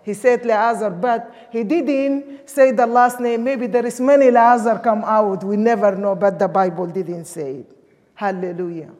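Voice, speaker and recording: A woman's voice: mid-range voice, normal speed, a little mellow. A woman from Sudan, preaching a sermon emphatically in English. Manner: emphatic, with non-native English grammar. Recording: long hall reverb.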